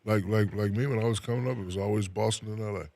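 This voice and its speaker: A man from New Jersey, a retired basketball player, chatting casually as an interview guest, soft-spoken and restarting sentences with repeated words. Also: lowish voice, steady tone, fast talker, creaky.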